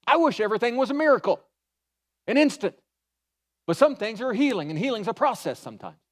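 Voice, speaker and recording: A pastor giving a sermon in an animated, folksy way, mixing humor into his storytelling. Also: very high-pitched, brisk. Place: church.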